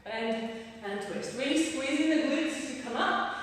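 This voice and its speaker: A woman's voice: sits high, moderate pace. A woman fitness instructor leading a live workout class, a little out of breath, encouraging and counting down the reps. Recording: roomy echo, distant from the mic, faint noise.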